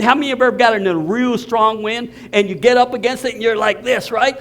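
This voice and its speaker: Animated older preacher, high voice. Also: male voice, fairly quick, few pauses. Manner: animated storyteller, swings from low murmurs to loud exclaims. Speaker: pastor. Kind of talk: storytelling sermon.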